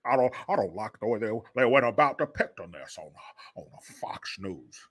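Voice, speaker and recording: A man's voice: on the low side, animated, fairly bright tone, pitched below the performer's own voice. A man putting on a drawling old senator. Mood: smug drawl. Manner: slow mumbling drawl. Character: drawling old Southern male senator, smug and grotesque.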